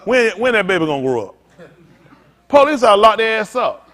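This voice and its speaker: Speaking a little quickly in a high voice, this male pastor addresses the room head-on. He's lively and playful, mixing his loose preaching with funny side remarks aimed at the congregation.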